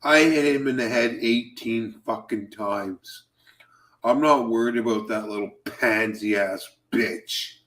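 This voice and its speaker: A man chiming in with slow, blunt, profane remarks. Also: medium pitch, a bit bright. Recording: echoey room, distant mic.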